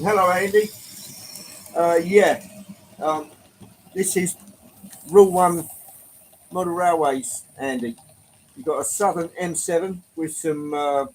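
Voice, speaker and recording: A man's voice: a little high, a little hiss or hum, rough recording. A man with an English accent with a touch of London, hosting a casual live stream, chatting easily, greeting viewers by name and swearing lightly. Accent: English, slight London. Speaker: livestream host.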